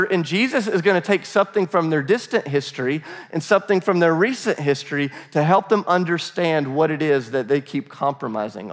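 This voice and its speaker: Pastor, American man, slightly high voice, conversational sermon with acted dialogue. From United States. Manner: conversational, laughing asides, acts out dialogue.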